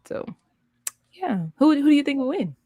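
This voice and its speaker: A woman's voice: sits high, sing-song, moderate pace, dark tone, no room sound. A woman co-hosting a casual livestream chat, recapping a show in a chatty way. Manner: chatty, recaps episodes, trails off and restarts. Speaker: livestream co-host.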